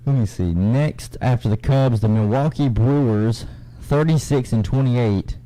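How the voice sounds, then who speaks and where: A young man co-hosting a casual radio sports talk show, reading standings in a relaxed, drawling way. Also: medium pitch, unhurried, low-quality recording. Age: young adult.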